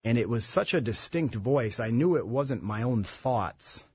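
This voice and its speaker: A man as a radio studio guest, telling his recovery story in a halting way with many restarts. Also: mid-range voice, lively intonation, slightly rough, no echo, dull audio. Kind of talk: personal recovery testimony.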